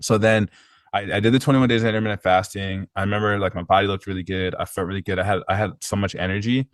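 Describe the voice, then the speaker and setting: Low-voiced guy chatting on a podcast, earnest, lots of likes and restarts, dry close sound. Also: fairly even intonation, quick pace, no echo. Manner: earnest, rambling with many fillers and restarts. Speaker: podcast guest, personal trainer. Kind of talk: casual conversational storytelling.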